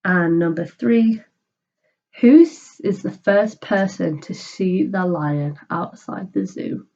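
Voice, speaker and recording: Slow, patient woman teacher. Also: lowish voice, gravelly, mellow, highs cut off. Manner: slow, patient, explains simply. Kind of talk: reading a children's book aloud and explaining it.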